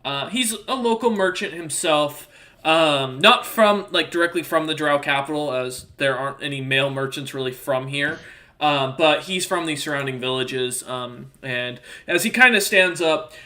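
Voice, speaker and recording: Bright-voiced man running a tabletop game. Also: a little high, moderate pace. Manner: casual, many fillers like um and uh. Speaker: game master.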